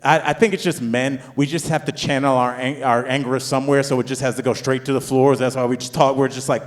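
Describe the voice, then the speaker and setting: A man in his forties doing a stand-up set, telling a rambling family story with restarts and climbing into loud, high rants. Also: steady tone, fast talker, few pauses. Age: 40s. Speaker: stand-up comedian. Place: comedy club stage. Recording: long hall reverb.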